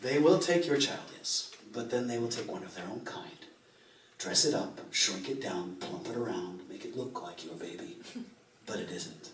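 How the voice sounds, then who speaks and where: A man's voice: mid-range voice, animated, moderate pace, slight background noise. Playful man telling a fairy tale on stage. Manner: playful, theatrical, with asides. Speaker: folk minstrel and storyteller. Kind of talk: live storytelling between songs. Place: indoor live concert venue with an audience. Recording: roomy live recording from far off.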